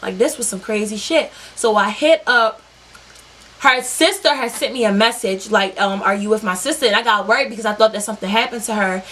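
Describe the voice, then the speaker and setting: A young woman telling a story to her viewers in an animated, profane, talk-straight-to-you way. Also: mid-range voice, a little fast. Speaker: vlogger. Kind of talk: storytime vlog.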